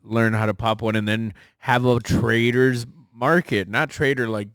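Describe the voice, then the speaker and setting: A young man co-hosting a casual podcast, relaxed and rambling. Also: mid-range voice, a little slow, dry recording, studio quality. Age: young adult. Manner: relaxed, rambling, laughs often. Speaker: podcast co-host. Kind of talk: casual chat.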